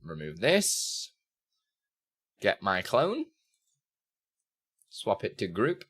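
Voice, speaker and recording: Guy streamer, low-ish voice, bright tone, rambles to himself as he clicks around. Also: huge pitch swings, drawn-out words, husky. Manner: chatty, self-narrating, muttering to himself, bursts of laughter. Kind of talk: casual live-stream chat while working on screen.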